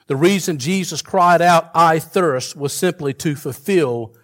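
Man preaching in a higher voice. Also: a little slow. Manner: conversational preaching with frequent fillers and restarts; rhetorical questions and homespun humor. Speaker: pastor. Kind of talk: sermon.

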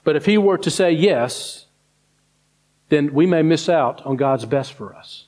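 A man preaching a sermon who climbs high and quick for mock complaints, then sinks low and slow on scripture. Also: expressive, a little mellow.

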